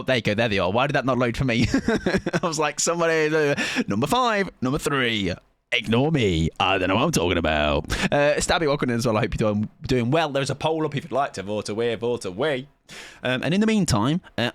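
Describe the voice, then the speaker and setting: A man's voice: mid-range voice, fairly bright tone, no echo. A man chatting casually on a live gaming stream, rambling and laughing often.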